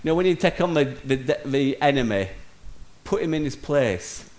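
A man's voice: mid-range voice, animated, normal speed, darkish tone. A man preaching a sermon with energy, calling his listeners "guys" and laughing off his own slips.

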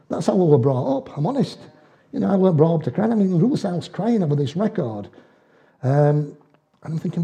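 A man's voice: a little high, sing-song, fairly quick, gravelly, mellow, muffled recording. An older man preaching a sermon, telling homely stories in dialect with chuckles along the way. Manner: folksy storytelling with dialect and chuckles.

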